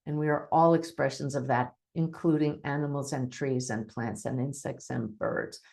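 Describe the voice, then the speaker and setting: A woman's voice: extremely low pitch, moderate pace, creaky. A woman medium giving a webinar talk, recounting a reading expressively and teaching in an earnest tone. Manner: expressive, re-enacts dialogue while recounting.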